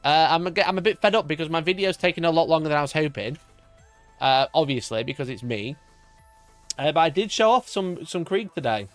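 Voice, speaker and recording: A man's voice: a little high, lively intonation, brisk, no echo, soft background music. A man hosting a live stream, chatting casually, swearing often, laughing and reading chat aloud while ranting in mock outrage. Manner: mock outrage, voice jumps up when worked up. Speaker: livestream host.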